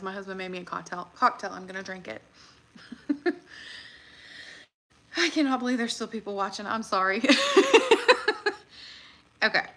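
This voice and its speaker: Woman, livestream host, bright tone, chatty and excitable, quick to laugh. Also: mid-range voice. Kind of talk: casual livestream chat.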